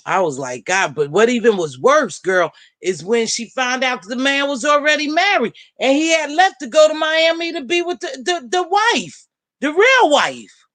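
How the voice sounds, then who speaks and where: A woman hosting a casual live-stream panel, chatting and gossiping in an animated way and calling out friends by name. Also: sits high, normal speed, no room sound. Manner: animated, talks straight to viewers and friends by name. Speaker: panel host.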